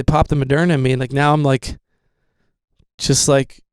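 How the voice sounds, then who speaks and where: A man's voice: medium pitch, little pitch movement, moderate pace, clear, resonant tone, no room sound. A young man hosting a podcast, rambling casually with lots of fillers and swearing. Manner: rambling, profane, with many fillers. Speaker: podcast host.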